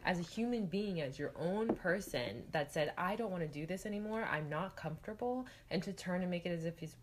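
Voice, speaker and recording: Young woman with a low voice, emphatic and supportive, slight noise behind. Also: expressive, fairly quick. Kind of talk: casual chat.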